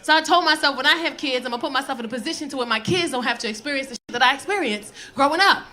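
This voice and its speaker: A woman's voice: high voice, racing, sharp tone. A woman doing a brash, profane stand-up routine on a club stage. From New York, South Bronx. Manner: brash, profane, acts out characters. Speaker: stand-up comedian. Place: comedy club stage, laughing audience. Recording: live club recording with crowd noise.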